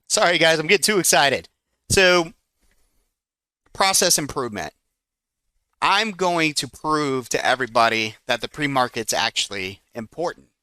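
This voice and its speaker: Excitable man with a bright, crisp voice. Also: medium pitch, dry recording, clean studio sound. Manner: excitable and chatty, breaks off to manage trades. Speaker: trading educator. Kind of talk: live trading room teaching.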